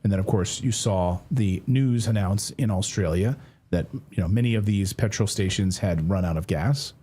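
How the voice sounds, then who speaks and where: A man's voice: lowish voice, moderate pace, dark tone, husky. A middle-aged man hosting a news commentary show, talking to camera in a conversational way, correcting himself and dropping wry asides.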